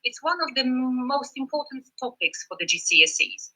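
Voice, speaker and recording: A woman's voice: high-pitched, lively intonation, moderate pace, sharp tone, low-quality recording. A woman teaching a live online Spanish lesson in an encouraging, chatty way, with fillers.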